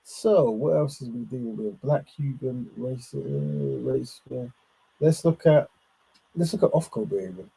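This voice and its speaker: A man's voice: mid-range voice, lively intonation, unhurried, gravelly, husky, rough recording. A man hosting, commenting on clips in a loose, rambling way with lots of fillers. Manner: loose, rambling, with many fillers and shout-outs. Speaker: host.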